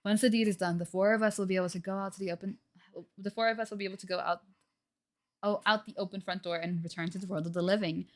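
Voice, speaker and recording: Loud game music runs behind a woman voicing game dialogue on a livestream. She plays a scheming ancient spirit possessing a young woman, using formal, condescending, archaic language. Her medium-pitched voice is steady in tone and close to her everyday voice, and she talks fast.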